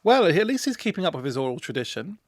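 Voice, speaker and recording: A camp, teasing man trading jokes as a podcast co-host. His slightly high voice swings up and down with a gravelly edge. The sound is dry and close. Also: very animated, fast, no room sound. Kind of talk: casual comedic chat.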